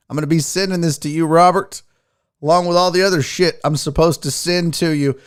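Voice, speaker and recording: A man's voice: on the high side, fairly even intonation, a little fast, clear, resonant tone. A man hosting a sports talk livestream, chatting casually and profanely while teasing his chat. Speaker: sports show host.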